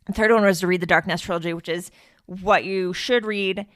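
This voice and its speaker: A woman's voice: lowish voice, fairly even intonation, fairly quick, dry recording, clean studio sound. A woman hosting a podcast in casual chat, talking in a rambling, chatty way with frequent fillers and laughs. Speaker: podcast host.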